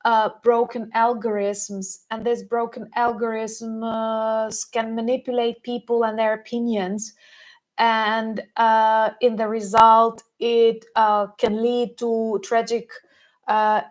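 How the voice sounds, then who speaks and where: A woman's voice: a little high, flat delivery, slow pace, poor audio. A woman hosting a live-stream commentary, talking with many hesitant fillers and emphatic stresses. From Ukraine. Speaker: host.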